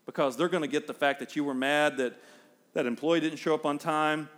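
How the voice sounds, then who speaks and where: Animated preacher man, higher voice. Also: fairly quick, big-room sound. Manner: animated, acts out everyday scenes in raised voice. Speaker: pastor. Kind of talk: sermon.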